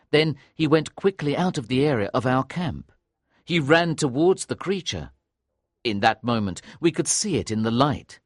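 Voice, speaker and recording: A man giving a scripted audiobook narration of a story in a clear, lively storytelling manner. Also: medium pitch, dry recording, studio quality.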